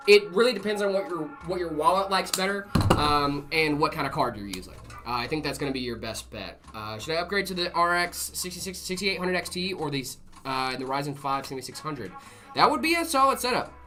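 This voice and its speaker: Bright-voiced man chatting about PC tech. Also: fairly high pitch. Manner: relaxed, friendly, fillers and "brother". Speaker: stream co-host answering chat. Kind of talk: casual live-stream tech chat.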